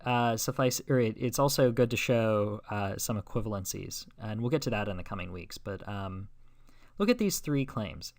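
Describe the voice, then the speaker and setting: A man's voice: on the low side, lively intonation, normal speed. Man lecturing with frequent "right?" checks. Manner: explains step by step, with many "right?" checks and fillers. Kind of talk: recorded logic lecture. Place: classroom or recorded lecture.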